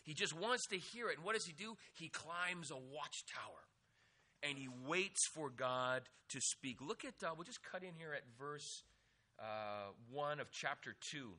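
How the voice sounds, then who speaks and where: A man delivering an energetic youth sermon with a high, bright, husky voice. His pitch swings widely as he acts out quotes and jokes with the room. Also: measured pace. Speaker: youth pastor.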